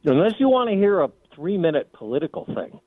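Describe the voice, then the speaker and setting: Phone-in caller, male, lively pitch, hesitant and rambling, tinny line. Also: brisk, no room sound. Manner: chatty, meandering, hesitant. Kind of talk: casual chat on call-in radio.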